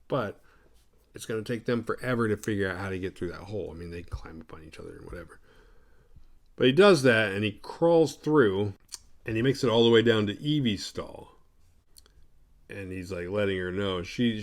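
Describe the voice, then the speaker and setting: A man hosting a podcast, recapping a horror movie casually with a lot of swearing and acting out the characters. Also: mid-range voice. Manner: profane, rambling, acts out the characters. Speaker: podcast host.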